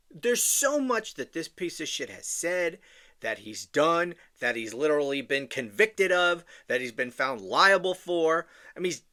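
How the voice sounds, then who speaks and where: A man's voice: high voice, bright, forceful tone. A man hosting a political podcast, ranting in an indignant, profane monologue with stammering restarts. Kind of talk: opinion monologue.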